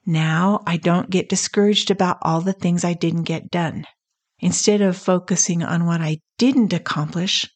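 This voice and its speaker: A middle-aged woman hosting a podcast, talking through a scripted, personal reflection in an earnest, measured way. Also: lowish voice, a little mellow. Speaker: podcast host.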